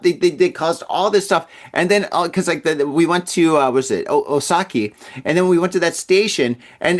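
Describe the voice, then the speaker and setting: A man hosting a podcast, telling a long casual story in a rambling way, stammering and repeating his words. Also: sits high. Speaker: podcast host.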